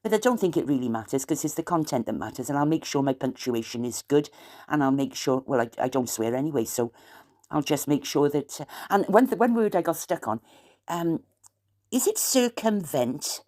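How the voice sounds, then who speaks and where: A woman's voice: low voice, lively intonation, moderate pace, mellow. A woman with a South Welsh accent, chatting to camera in a rambling, wandering way and slipping in aggrieved asides. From South Wales. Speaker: vlogger. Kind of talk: rambling late-night chat to camera.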